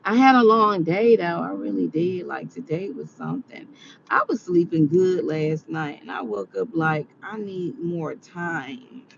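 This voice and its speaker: A woman's voice: lowish voice, normal speed, vocal fry. Worn-out woman rambling to her viewers, kinda muffled lo-fi recording with faint hiss. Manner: chatty, rambling, addresses viewers as y'all. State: tired. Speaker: vlogger talking to viewers. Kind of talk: casual monologue.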